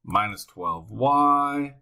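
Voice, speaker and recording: Excitable man thinking aloud through math. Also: on the low side, extremely slow, vocal fry. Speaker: math teacher. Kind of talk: recorded math lecture.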